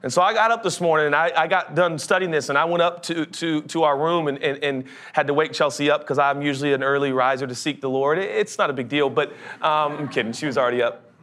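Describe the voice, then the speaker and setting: Animated young-adult male pastor preaching. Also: on the high side, fast. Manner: animated, comic voices, builds to urgent. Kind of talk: sermon.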